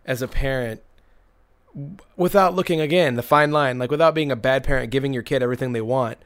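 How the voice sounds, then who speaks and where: A man's voice: medium pitch, a little fast, clean tone. A young man co-hosting a podcast, chatting casually and rambling through stories while laughing often. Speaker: podcast co-host. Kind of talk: casual chat.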